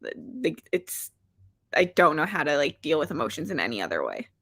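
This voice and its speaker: A woman's voice: sits low, very animated, moderate pace, fairly bright tone, no room sound. A woman hosting a casual book livestream, chatting and reading out viewer comments, rambling and self-deprecating. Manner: chatty, rambling with frequent "like" fillers. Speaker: booktuber hosting reading sprints.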